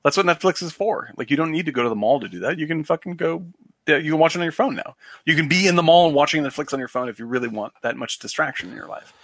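A man's voice: a little high, lively intonation, fast talker, dry recording. Brief: man, podcast co-host, rambling and profane, dry close sound. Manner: rambling, profane, many fillers and restarts. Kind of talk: casual chat.

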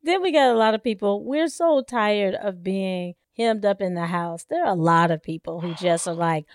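A woman in a casual chat, expressive and quick to laugh, acting out her own thoughts as she talks. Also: medium pitch, clean tone, no echo, clean studio sound.

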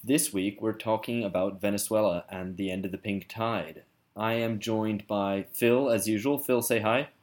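Podcast host, man, low-ish voice, easygoing and joking. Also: steady tone, moderate pace. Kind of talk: casual podcast chat.

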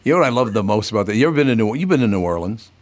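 A man's voice: on the low side, racing, slight background noise. A man hosting a radio show, telling stories in casual banter and swearing freely. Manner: animated storyteller, swears casually.

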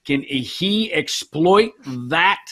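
A man's voice: high voice, expressive, drawn-out words, a bit bright, slightly rough. A man on a sports betting panel, talking about his picks in an enthusiastic, rambling way. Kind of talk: casual sports betting chat.

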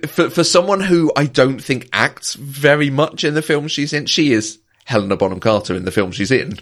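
A man co-hosting a casual movie podcast, talking thoughtfully with frequent restarts and soft chuckles. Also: medium pitch, normal speed. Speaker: podcast co-host.

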